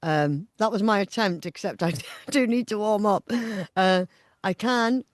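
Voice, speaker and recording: A woman's voice: medium pitch, lively intonation, a little slow, no echo, studio quality. A woman hosting a podcast in casual chat, playful and theatrical, laughing at her own jokes. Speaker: podcast host.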